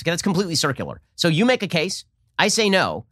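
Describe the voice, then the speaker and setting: Guy hosting a political podcast, talks super fast and sarcastic, pitch bouncing all over, dry close sound. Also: wildly swooping pitch, fairly bright tone, dry recording. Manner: sarcastic, mocks opponents in put-on voices. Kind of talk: fast opinion monologue.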